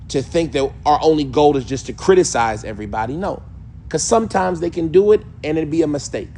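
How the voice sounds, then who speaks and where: This man teaches a class on a classical text at a fast clip, in a voice a little higher than usual for a man. He keeps putting rhetorical questions to the group and answers them himself. Faint room ambience sits behind him. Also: a little mellow, slight background noise. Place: mosque hall.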